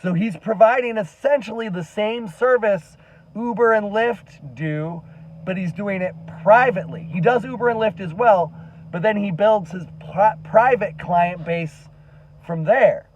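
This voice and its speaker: A man's voice: high-pitched, a little slow, highs cut off, slight background noise. A man giving an earnest, impassioned monologue to camera as a commentary vlogger, emphatic and swearing now and then.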